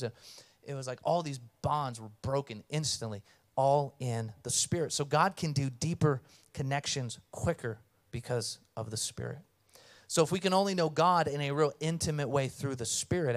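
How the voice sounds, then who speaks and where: A man preaching a sermon as pastor, conversational and earnest, telling stories and reading scripture. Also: medium pitch.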